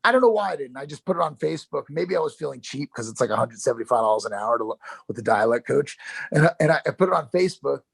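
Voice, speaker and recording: This middle-aged guest is an actor from Yonkers, New York, with a New York accent and a husky, gravelly voice of medium pitch. He rattles through animated stories in a casual interview, swearing, restarting sentences frequently and never stopping. It's a dry, close recording.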